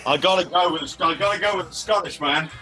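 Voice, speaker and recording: A man co-hosting a casual podcast who laughs often, keeps saying "man" and talks in a lively, easygoing way. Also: on the high side, fast talker, soft background music. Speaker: podcast co-host.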